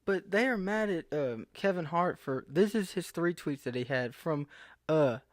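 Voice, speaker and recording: A man's voice: a little high, expressive, measured pace, no room sound, clean studio sound. A young man from the southern United States vlogging casually, rambling and interrupting himself, getting incredulous. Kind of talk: casual rambling commentary to camera. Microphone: computer screen recording.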